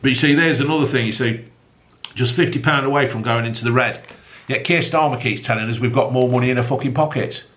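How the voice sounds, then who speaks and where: Man, bright voice, sweary solo newspaper review, mocking asides between the stories. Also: medium pitch, quick pace.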